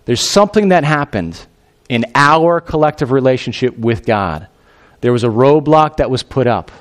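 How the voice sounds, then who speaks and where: A male pastor preaching a sermon in a conversational, animated way, with fillers like "you know" and "I mean". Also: mid-range voice, normal speed.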